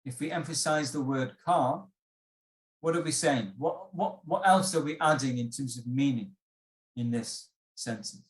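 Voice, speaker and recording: An IELTS workshop instructor leads an online exam-prep lesson, his medium-pitched voice unhurried and reverberant. He patiently explains and quizzes the class, with plenty of fillers and restarts.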